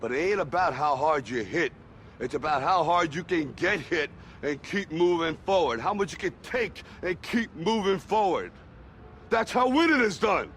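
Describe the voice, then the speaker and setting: A man's voice: a little high, expressive, moderate pace, a bit bright, slight background noise. An actor playing an aging boxer giving his grown son a blunt, stern film-drama monologue that builds to fierce urging. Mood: fervent.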